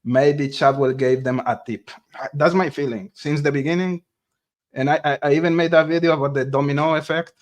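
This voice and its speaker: A man hosting a casual podcast chat and reading out viewer messages, speaking haltingly with many fillers. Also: on the high side, fairly even intonation.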